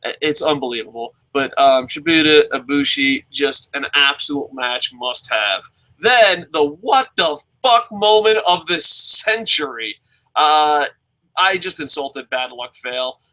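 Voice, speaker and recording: A man reviewing wrestling shows in casual, profane commentary, excitable, with frequent swearing and stammering. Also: fairly high pitch, unhurried, poor audio.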